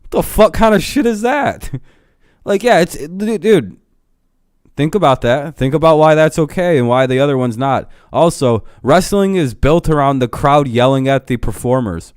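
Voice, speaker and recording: A man's voice: mid-range voice, moderate pace, clear, resonant tone, dry recording, studio quality. A young man ranting casually to his live-stream chat, swearing a lot, laughing often and getting heated.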